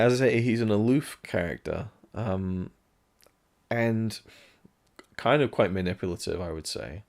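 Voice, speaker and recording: A man's voice: low-pitched, gravelly, a little mellow. A man giving a casual spoken film review, musing and candid, now and then swearing.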